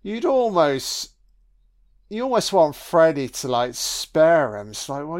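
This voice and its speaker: A man's voice: a little high, sing-song, slow. A man giving a casual film commentary, sweary, sarcastic and mocking.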